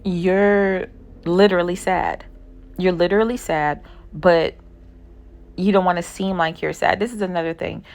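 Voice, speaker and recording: A woman in her thirties giving casual reaction commentary as a vlogger, blunt, profane and lecturing. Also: low voice. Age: 30s.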